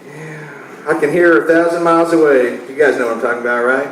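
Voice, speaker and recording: A man's voice: fairly high pitch, level tone, fast talker, a little hiss or hum. A man in his forties doing a loose, conversational stand-up routine and laughing at his own jokes. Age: 40s. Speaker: stand-up comedian. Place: comedy club stage. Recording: echoey live club from far off. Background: audience laughter.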